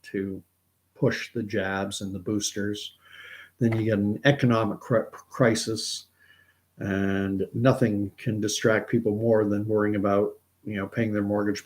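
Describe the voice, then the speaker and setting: A man's voice: fairly low pitch, darkish tone. Rambling man hosting a livestream. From Canada. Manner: rambling, conversational, reads out viewer comments. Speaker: host of a commentary livestream. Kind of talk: casual livestream commentary.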